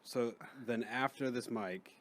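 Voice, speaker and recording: A man's voice: mid-range voice, measured pace. A man who is a comedian guest, telling stories in a rambling, profane way in casual podcast chat.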